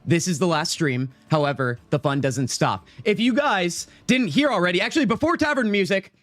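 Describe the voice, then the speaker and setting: Chatty American streamer man, slightly high voice. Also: no echo. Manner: animated, talks fast and chatty to viewers, says "dude" often. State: out of breath. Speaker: livestream host. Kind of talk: casual gaming livestream chat. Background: faint game and tavern music.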